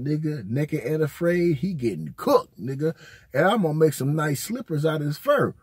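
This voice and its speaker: A man's voice: medium pitch, lively intonation, normal speed, darkish tone, husky, no room sound, clean studio sound. A man, host of his own channel, telling casual, rambling, profane stories full of slang. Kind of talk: casual storytelling.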